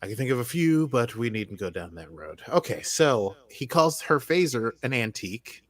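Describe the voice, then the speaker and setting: An American podcast co-host with a medium-pitched, very animated voice talks at a moderate pace. He recaps a TV episode with his co-host in an easygoing, rambling chat, constantly restarting sentences and leaning on fillers.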